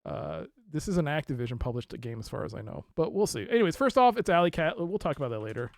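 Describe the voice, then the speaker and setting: A live streamer giving chatty let's play commentary, rambling with self-correcting asides and breaking into loud yelps and laughter while playing. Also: medium pitch, sing-song, fast talker, creaky, dry recording.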